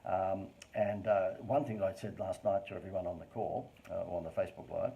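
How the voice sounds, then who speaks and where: An Australian man presents a live-streamed business talk on marketing, using animated, over-the-top inflection and chatty, informal asides. His voice is low and creaky, he speaks a little fast, and the audio is poor.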